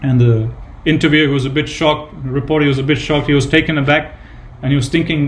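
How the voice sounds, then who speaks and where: A man's voice: fairly high pitch, fairly even intonation, fast talker, hardly any pauses. A man giving a devotional scripture class, retelling anecdotes with emphatic repetition and casual fillers. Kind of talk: devotional sermon with retold anecdotes.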